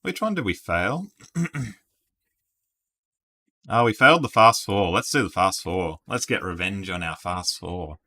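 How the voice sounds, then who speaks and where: A man's voice: sits low, expressive, a little slow, pauses often, pushed and bright. A man streaming word games, chatting casually and thinking aloud while laughing at himself. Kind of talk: casual live-stream commentary.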